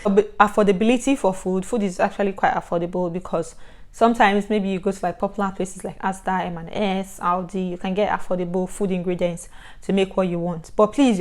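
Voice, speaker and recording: Lively Nigerian woman vlogging. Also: lowish voice. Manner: chatty and animated, with sudden loud bursts and laughs. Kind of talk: casual advice vlog.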